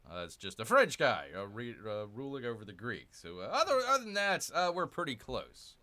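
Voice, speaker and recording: A man hosting a gaming show, rambling in casual let's-play commentary and calling himself Bear in the third person. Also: normal speed. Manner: lively, animated delivery with big pitch swings. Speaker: gaming channel host.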